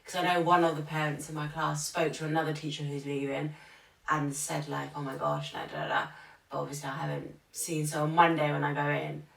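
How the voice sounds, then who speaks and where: A woman's voice: low-pitched, flat delivery, brisk, gravelly. A young woman who teaches primary school, chatting on a podcast and telling stories in which she acts out what other people said. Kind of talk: casual podcast chat. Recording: echoey room, far from the mic.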